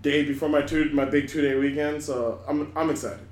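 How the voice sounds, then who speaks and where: An excitable man trades crude jokes in a loose podcast chat, cursing as he goes. His voice sits a bit high for a man. It rings around a hard, echoey room. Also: fairly quick. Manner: excitable, swears freely. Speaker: podcast co-host. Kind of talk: casual chat.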